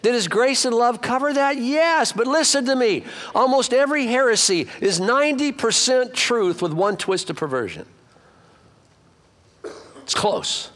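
A middle-aged man preaching a sermon as pastor, swinging between loud emphatic lines and low quiet asides. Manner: animated preaching with wide swings of pitch and loudness.

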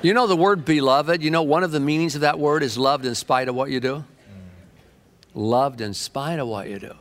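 A man preaching a sermon with fervent energy, telling stories and shifting between quick and drawn-out phrases. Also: fairly high pitch, a bit bright.

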